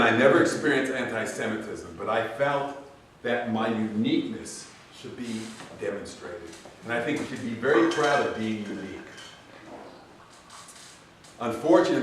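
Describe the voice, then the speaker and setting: A man's voice: mid-range voice, recorded from a distance, a little hiss or hum. Man telling stories in an echoey hall. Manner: animated storyteller, acting out quoted voices. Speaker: commencement speaker. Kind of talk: storytelling speech. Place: large event hall.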